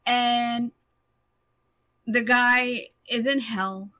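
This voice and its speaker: A woman with a bright, forceful voice in relaxed conversation, co-hosting a talk show. She sounds playful and teasing, and laughs easily. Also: fairly high pitch, very slow, poor audio. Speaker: co-host. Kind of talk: casual chat.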